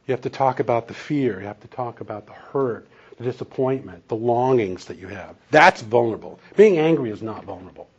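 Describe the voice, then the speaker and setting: Husky-voiced male preacher, conversational. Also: medium pitch, fairly quick, lo-fi sound. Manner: conversational, animated storytelling with chuckles. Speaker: pastor and counselor. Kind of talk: sermon.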